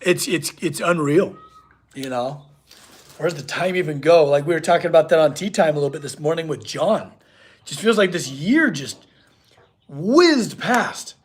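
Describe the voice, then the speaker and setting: A man's voice: a little high, lively intonation, normal speed, slightly rough. A young man, a blacksmith in his home shop, chatting casually on a live stream and reading chat aloud. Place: home workshop.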